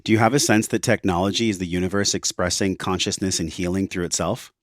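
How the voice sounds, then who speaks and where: A man hosts a podcast, asking earnest, reflective questions and rewording them as he thinks. His voice sits low, with dry, close sound and no room echo. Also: fairly even intonation, fast talker. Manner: earnest, searching, rephrases questions. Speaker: podcast host.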